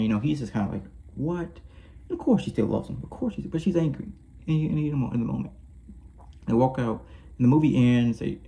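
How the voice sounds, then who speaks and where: A man gives an unscripted film review in a warm, dark-toned voice with a husky edge. He gushes, loops back on his own phrases and corrects himself as he goes. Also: mid-range voice. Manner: rambling and effusive, with many restarts and self-corrections. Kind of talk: casual film review monologue.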